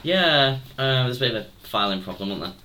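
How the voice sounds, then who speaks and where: A man's voice: mid-range voice, animated, fairly quick, bright, forceful tone, slight background noise. Man doing a Scouse undead halfling. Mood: sheepish. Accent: Liverpool. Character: undead male halfling prisoner. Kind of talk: improvised tabletop role-play.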